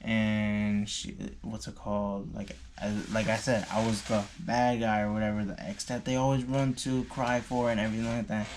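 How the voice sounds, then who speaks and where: A man's voice: fairly low pitch, little pitch movement, normal speed, hardly any pauses, slight background noise. A young man telling a personal story in a loose, slangy way, full of fillers and swearing. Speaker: vlogger. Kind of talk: casual storytime.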